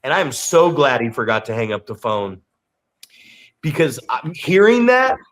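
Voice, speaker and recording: Speaking a little slowly in a medium pitch, a wrestling coach co-hosting a podcast chats casually. His storytelling is animated, laced with swearing and repeated words.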